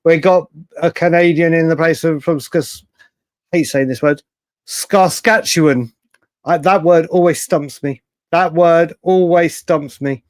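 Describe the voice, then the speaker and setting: A man hosting a late-night fan livestream, chatting excitably and reading out viewer comments. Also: on the high side, measured pace, dry recording. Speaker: livestream host.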